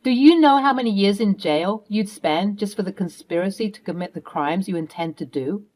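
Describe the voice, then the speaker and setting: A woman's voice: medium pitch, lively intonation, normal speed, darkish tone, natural voice. A woman voicing a protective middle-aged mother who confronts her husband firmly. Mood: accusing. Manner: firm, accusing, commanding.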